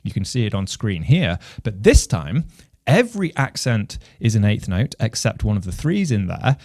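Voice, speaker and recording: A man, a composer and music teacher from England, giving a measured explanation of rhythm and counting beats aloud. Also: on the low side, very animated, darkish tone, dry recording, clean studio sound. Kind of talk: instructional explanation.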